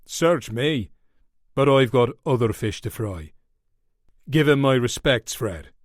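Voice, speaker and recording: A man voicing a big, hard ex-convict who talks calmly and drily. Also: medium pitch, takes it slowly, no echo, studio quality. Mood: dry.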